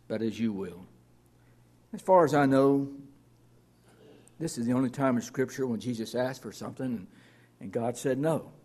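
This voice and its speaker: A man's voice: mid-range voice, darkish tone, breathy edge. A man preaching a sermon as pastor, plain-spoken and earnest, reading scripture aloud.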